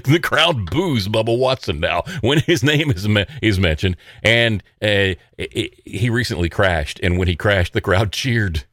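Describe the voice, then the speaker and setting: A man hosts a political commentary show in a sarcastic, mocking tone, with scoffing laughs between points. His pitch swings widely as he talks. The recording is dry and close, with no room sound. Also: fairly bright tone, no echo. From American South.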